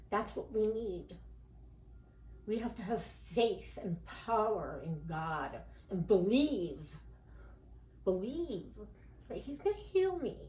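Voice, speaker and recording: This woman's medium-pitched, mellow voice carries vocal fry, and there's a slight hiss or hum. She's a podcast guest telling her own story with candid rambling, constant "you know" and "like," and frequent impressions of the people she quotes, recorded with a roomy echo.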